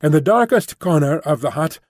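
A man reading a classic novel aloud as an audiobook narrator, in a measured, descriptive way. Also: fairly high pitch, animated, a little mellow, no room sound, clean studio sound. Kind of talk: scripted narration.

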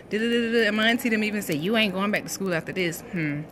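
Livestreaming from her graduation on a phone, a Florida woman races through her words at medium pitch with hardly a pause, over a noisy background and music. She preaches heartfeltly about her faith and calls out viewers by name in an emotional broadcast.

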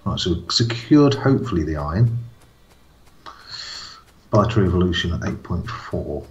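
A man's voice: low voice, big pitch swings, normal speed, lo-fi sound, faint music behind. A man chatting casually and playfully while playing a co-op game. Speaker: co-op game player. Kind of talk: casual gaming chat.

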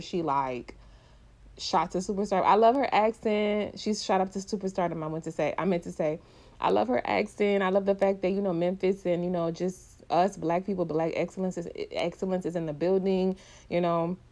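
A woman's voice: fairly low pitch, darkish tone. A woman giving casual, opinionated live reaction commentary on an awards show, chatty and full of slang.

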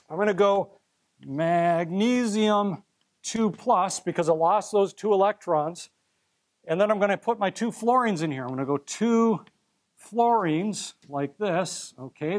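High-voiced playful male chemistry professor. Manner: playful, theatrical, coaxing students up as volunteers. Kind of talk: live classroom lecture.

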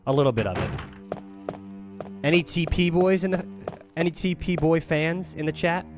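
A man's voice: a little high, expressive, moderate pace. A man from the Philadelphia area streaming a game, chatting casually, joking, swearing a lot, and rambling. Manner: profane, joking, rambling, humming to himself. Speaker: gaming streamer. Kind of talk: casual live-stream chat over gameplay. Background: game music.

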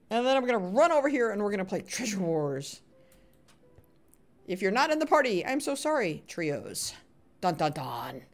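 A woman livestreaming a video game, chatting with viewers, laughing often and calling them sweetheart and buddy. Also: mid-range voice. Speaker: gaming livestreamer. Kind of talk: live game commentary and chat.

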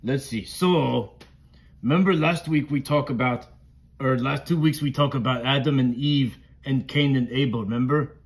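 Friendly monster guy voiced by a man telling a bible story to a kid, broken grammar, playful, medium-pitched. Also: moderate pace, breathy edge. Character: friendly blue male monster puppet teaching kids. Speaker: children's Bible teacher. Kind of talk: children's Bible lesson.

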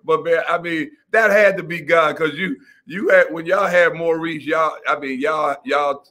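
Man, birthday honoree, casual emphatic reply, fairly high voice. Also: unhurried. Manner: warm, emphatic, peppered with "man".

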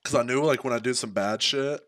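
A man's voice: mid-range voice, fairly quick, fairly bright tone. A young man casually telling a personal story, laid-back and profane, full of slang and fillers. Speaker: streamer.

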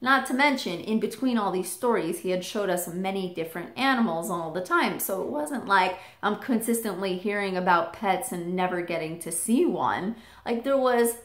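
Woman vlogger from england, animated storytelling, middle pitch, roomy echo. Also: moderate pace, few pauses. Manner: animated, jumps high when quoting her child self. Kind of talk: personal storytelling.

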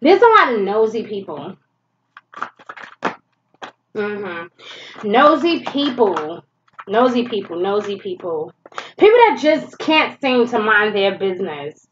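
A woman's voice: medium pitch, big pitch swings, slow pace, long pauses, lo-fi sound, slight background noise. A woman giving a casual tarot reading, chatty and blunt, swearing freely and laughing often, with a stuffy nose from allergies. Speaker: tarot reader.

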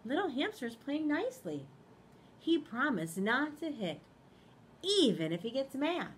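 A woman voicing a kind little bunny in a picture book read-aloud, gentle and reassuring. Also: high voice, big pitch swings, unhurried, slight background noise, pitched above the performer's own voice.

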